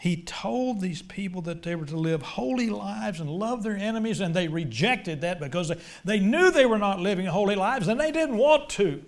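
Man, preacher, high voice, middle-aged, impassioned, loud then hushed. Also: animated, normal speed, hardly any pauses. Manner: impassioned, swings between loud emphatic lines and quiet low ones. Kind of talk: sermon.

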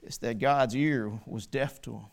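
A man's voice: medium pitch, steady tone, a little slow, vocal fry. A man preaching a sermon, quoting scripture with rising fervor and making small slips and corrections as he goes.

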